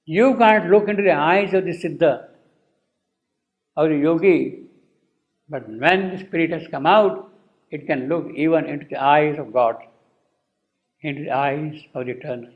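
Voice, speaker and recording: Slow, unhurried man explaining a poem. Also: on the high side, highs cut off. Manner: repeats lines, explains word by word. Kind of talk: slow lecture with poetry recitation.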